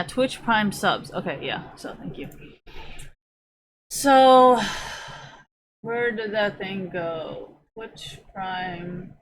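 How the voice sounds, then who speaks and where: A woman's voice: medium pitch, noisy background. A woman streamer ranting to her live chat, profane and rambling, sometimes drifting away from the mic as she browses.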